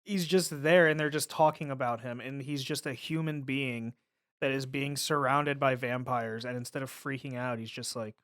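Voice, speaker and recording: A man co-hosting a podcast in relaxed, chatty conversation, often quoting lines. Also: medium pitch, normal speed. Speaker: podcast co-host. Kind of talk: casual chat.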